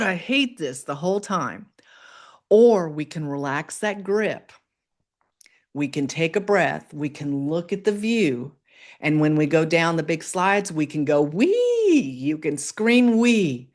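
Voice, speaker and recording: A woman with a notably low-pitched voice hosts a casual motivational livestream. She talks in an upbeat, encouraging way and chats directly with viewers as she reads their comments. Her voice jumps up in pitch on exclamations. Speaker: livestream host.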